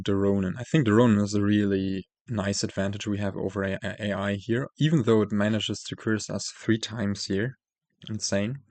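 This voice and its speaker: This casual gameplay commentary comes from a host playing a card game, who muses out loud, corrects himself often and leans on fillers as he loses his voice. His pitch is fairly low and his tone darkish, recorded dry.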